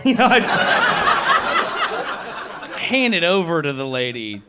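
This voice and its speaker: A young man doing a crude, animated stand-up set, acting out people with quick voices. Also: mid-range voice. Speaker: stand-up comedian. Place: comedy club stage. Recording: live club recording with audience noise.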